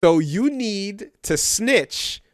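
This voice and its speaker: Relaxed man with a dry, rambling voice. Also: high-pitched, extremely slow, no echo. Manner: laid-back, rambling, swears, mock voices in quotes. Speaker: podcast co-host. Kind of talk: casual banter.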